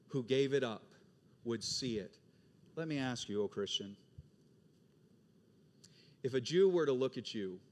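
A male pastor preaching an animated sermon, acting out the voices of the people in his stories. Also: medium pitch.

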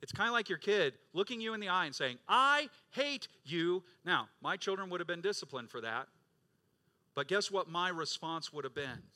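A middle-aged male pastor preaching a sermon, rising to loud emphatic peaks and dropping to quiet low stretches, acting out quoted voices. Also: lively intonation, a little fast. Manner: acts out quoted voices of congregants and Jesus.

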